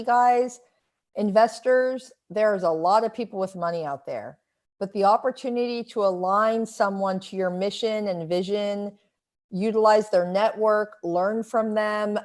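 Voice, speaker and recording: A woman hosting a live stream interview, speaking energetically with emphatic phrasing. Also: medium pitch. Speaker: host.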